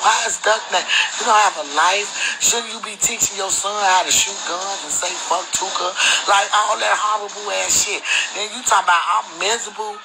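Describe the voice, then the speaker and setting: Gravelly woman in a heated profane rant. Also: medium pitch, steady tone, a little fast, noisy background. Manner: profane, confrontational, repetitive. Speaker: mother speaking out. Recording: music playing behind.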